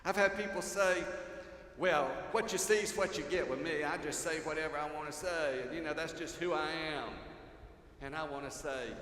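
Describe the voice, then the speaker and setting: An older man preaching a sermon as pastor, telling stories and swinging from loud to hushed. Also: a little high, brisk, a little hiss or hum. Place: large church sanctuary. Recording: echoey hall, faint ambience.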